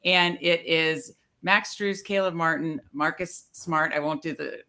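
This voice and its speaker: Bright-voiced woman giving betting picks. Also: low-pitched, fairly even intonation, measured pace. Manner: easygoing, agreeable, hesitant fillers. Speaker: panelist. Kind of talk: casual sports betting chat.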